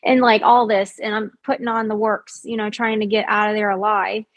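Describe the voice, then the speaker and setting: A woman tells her own story as a guest, in a casual, lively way. She leans on "like" as a filler and acts out what she and others said. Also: medium pitch, normal speed. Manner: animated, acts out quoted voices; frequent fillers like "like". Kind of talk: personal storytelling.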